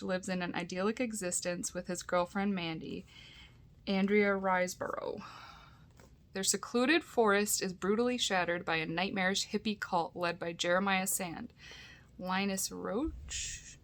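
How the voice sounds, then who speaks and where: A woman's voice: medium pitch, poor audio. A woman vlogger chatting casually while unboxing tapes, gushing and giggly, often dropping into a whisper.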